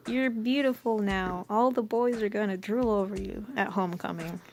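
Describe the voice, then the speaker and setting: A woman's voice: mid-range voice, normal speed, slight background noise, natural voice. A woman reading as a smug teen enchantress. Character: sweetly scheming teen enchantress girl.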